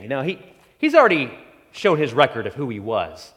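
Male preacher, animated sermon, high-ish lively pitch, long hall reverb. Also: moderate pace, long pauses. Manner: animated preaching, voicing Bible figures in quotes. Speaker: pastor.

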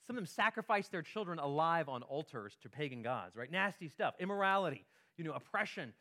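Male pastor, slightly high voice, chatty sermon delivery with repeated words and tag questions. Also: expressive, brisk, bright, forceful tone.

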